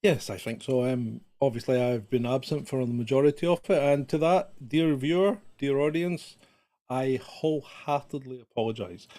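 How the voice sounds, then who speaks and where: British male co-host, mid-pitched, measured and dry-humoured. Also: mellow. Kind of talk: casual chat.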